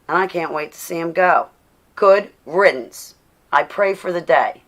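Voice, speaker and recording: A tired woman hosts a casual livestream, preaching to her viewers, reading chat aloud, and laughing often. Her voice is on the low side and fairly bright, at a measured pace.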